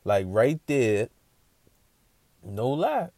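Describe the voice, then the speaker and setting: A man's voice: mid-range voice, big pitch swings, extremely slow, mellow, no room sound. A man telling a casual story as a podcast host, slangy and repeating himself while checking in with the listener.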